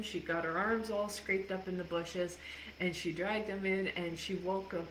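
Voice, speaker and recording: A woman's voice: medium pitch, fairly even intonation, measured pace, fairly bright tone, a little hiss or hum. A woman life coach talking candidly to a live audience, swearing freely and laughing often. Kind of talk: casual livestream talk. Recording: echoey room with faint ambience.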